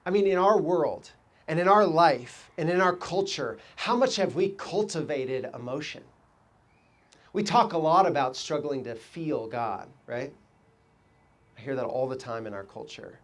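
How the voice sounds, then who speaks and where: A man preaching a sermon as pastor, telling stories with lively quoted voices and asking the congregation reflective questions. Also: fairly high pitch, normal speed. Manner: animated storytelling, quoting people in raised voices.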